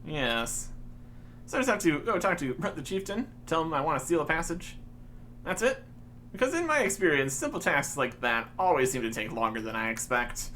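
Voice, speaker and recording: A man's voice: a little high, big pitch swings, moderate pace, sharp tone, slight background noise. Chatty man giving wry game commentary. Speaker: gaming channel host. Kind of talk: casual gameplay commentary.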